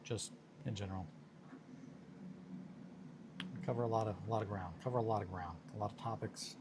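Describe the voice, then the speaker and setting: A man's voice: fairly low pitch, fairly even intonation, fairly quick, noisy background. A man chatting casually on a hobby stream in a rambling, self-amused way while he works on miniatures.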